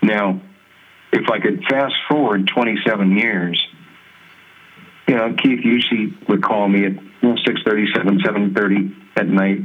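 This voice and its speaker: A man's voice: on the low side, normal speed. Man telling stories over a tinny line. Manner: animated storyteller who mimics others' voices and laughs often. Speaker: guest musician. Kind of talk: conversational storytelling in an interview.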